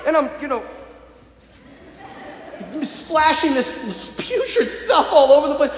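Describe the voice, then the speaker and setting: Guy preaching in a big echoey church, high voice that jumps all over, tells stories and gets loud. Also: a little slow, pauses often, a little hiss or hum. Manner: animated storytelling, laughs and yells in the telling. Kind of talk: sermon. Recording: echoey church hall, faint ambience.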